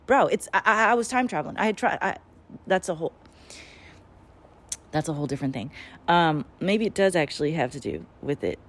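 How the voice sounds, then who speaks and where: A woman's voice: low-pitched, fairly quick, pauses often. A woman talking casually as a spiritual channeler, rambling and swearing as she tells a story with lots of energy. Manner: profane, rambling, animated storytelling.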